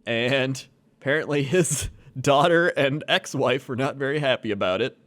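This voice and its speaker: A man's voice: mid-range voice, moderate pace, fairly bright tone. A man co-hosting a casual comedy podcast, rambling through a story with lots of fillers and easy laughs. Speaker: podcast co-host.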